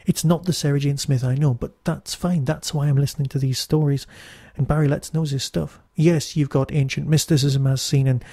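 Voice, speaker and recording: A man's voice: fairly high pitch, steady tone, fairly quick, hardly any pauses, dark tone, husky, no room sound, studio quality. A Newcastle man with a Geordie accent hosting a podcast, reviewing in a chatty, wry, digressive monologue. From Newcastle, England. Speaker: podcast host.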